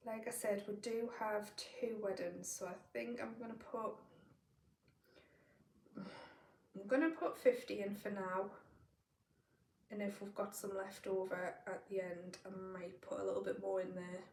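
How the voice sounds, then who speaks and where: A woman's voice: mid-range voice, steady tone, measured pace, gravelly, pauses often, a little mellow, a little hiss or hum. A woman from northeast England, casually walking through her monthly budget and working out the sums aloud as she goes. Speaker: budgeting vlogger. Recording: roomy, distant from the mic.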